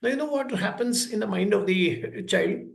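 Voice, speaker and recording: A man's voice: sits high, expressive, moderate pace, creaky. A man giving a public talk at a school, telling stories and acting out the voices of parents and children. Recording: echoey hall.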